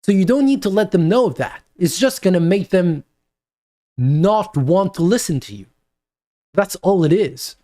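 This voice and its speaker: Slow, animated male lecturer. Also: high voice. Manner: deliberate, emphatic, repeats points. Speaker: lecturer giving parenting advice. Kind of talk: spoken video lecture.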